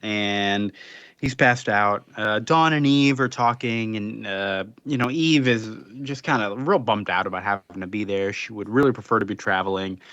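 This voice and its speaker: A man's voice: lowish voice, moderate pace, fairly bright tone, no echo, lo-fi sound. A man co-hosting a casual comics podcast, recapping the plot loosely with lots of fillers. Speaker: podcast co-host.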